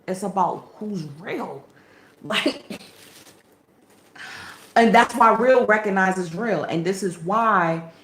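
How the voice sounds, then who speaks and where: A woman spiritual reader in casual chat to camera, animated and slangy, with preachy asides. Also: medium pitch, takes it slowly, long pauses. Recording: echoey room.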